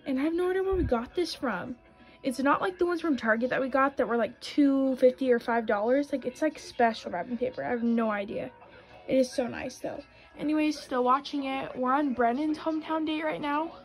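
High-voiced chatty young woman vlogger. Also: a little fast, soft background music, poor audio. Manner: chatty and bubbly, heavy use of "like" and "um". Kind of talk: casual vlog chat.

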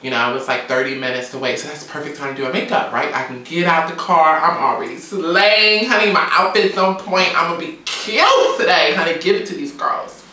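A woman's voice: sits low, a little fast, few pauses, far from the mic. Sassy woman in an echoey room. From Georgia, US. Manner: sassy, animated, profane storytelling. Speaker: vlogger. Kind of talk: casual storytime rant. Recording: very echoey room, away from mic.

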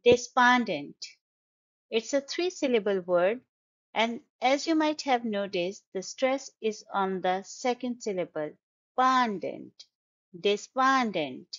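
Woman teaching english words, super slow and careful, bit muffled audio. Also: a little high, lively intonation. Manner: slow, deliberate, stresses syllables. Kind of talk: vocabulary and pronunciation lesson.

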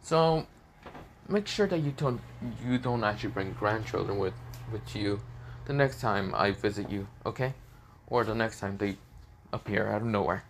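A man's voice: fairly low pitch, expressive, normal speed, slight background noise. A man voicing a smug older father figure who lectures his daughter, in a casually narrated fan story. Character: older father, a fallen angel, teasing and smug.

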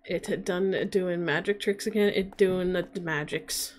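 A woman's voice: lowish voice, steady tone, unhurried, few pauses, slight background noise. A woman streamer giving casual, playful gameplay commentary and making silly sound effects as she plays. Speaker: VTuber streamer.

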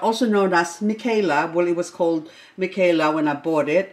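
A middle-aged woman hosting a gardening channel, gushing and exclaiming with frequent laughter as she unboxes plants. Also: fairly low pitch. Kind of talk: excited unboxing vlog.

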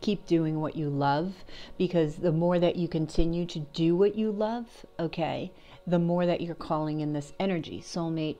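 A woman's voice: fairly low pitch, warm tone, lo-fi sound. A woman doing a casual tarot reading for her channel, chatty and encouraging, asking herself questions and answering them. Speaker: tarot reader.

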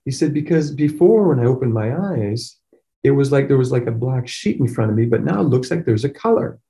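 A man's voice: medium pitch, expressive, a little fast, warm tone. A middle-aged man, a chiropractor, telling an emotional personal story in an earnest way, often repeating words as he goes. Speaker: chiropractor guest.

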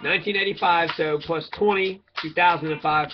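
A man with a somewhat high voice rants about politics, swearing freely and calling out his target by name. The recording is dull and lo-fi, and music plays clearly underneath him. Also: steady tone, brisk. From Kentucky. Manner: profane, ranting, addresses his target directly. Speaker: political commentator. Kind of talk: angry political rant.

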